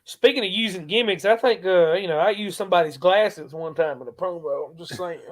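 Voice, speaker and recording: A man guest in a casual podcast interview, an animated, slangy storyteller who laughs often. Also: sits high, brisk. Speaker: guest wrestling promo performer.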